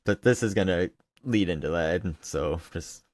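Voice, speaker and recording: A man's voice: deep voice, normal speed, dry recording. A man co-hosting a gaming podcast, explaining at length in casual, rambling chat. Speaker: podcast co-host.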